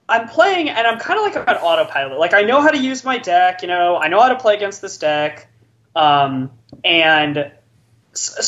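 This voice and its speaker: A man with a high, somewhat bright voice tells a long story among friends as a podcast co-host, rambling and stuffing his speech with "like." The recording sounds muffled.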